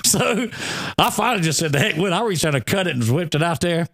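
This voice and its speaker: A man's voice: high-pitched, fast talker. A man, co-hosting a radio show and telling a long funny story in casual chat, often breaking into laughter. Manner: animated, laughing storyteller with a Southern drawl.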